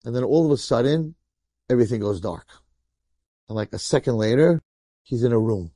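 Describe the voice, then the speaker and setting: Mellow-voiced rabbi telling a story. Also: male voice, medium pitch, fairly quick, no room sound. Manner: animated, colloquial, acts out the characters. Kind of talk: storytelling sermon.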